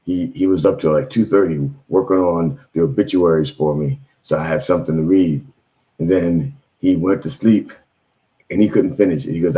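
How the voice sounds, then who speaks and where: A man's voice: rumbling low, darkish tone. A man hosting an irreverent comedy sermon stream, with bawdy preacher patter and rambling asides. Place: on the road, in a room away from home. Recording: dull lo-fi stream audio.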